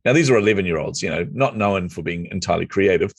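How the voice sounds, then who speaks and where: A middle-aged man, a podcast guest telling his story with lively acted-out dialogue. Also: low-pitched, quick pace, dry recording. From New Zealand. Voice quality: lively storyteller who acts out quoted dialogue. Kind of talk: casual storytelling interview.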